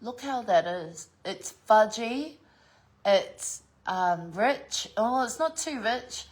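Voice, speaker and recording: A woman's voice: a little high, expressive, slow. A middle-aged woman chatting casually as a vlogger, swearing freely and laughing often. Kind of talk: casual unboxing chat.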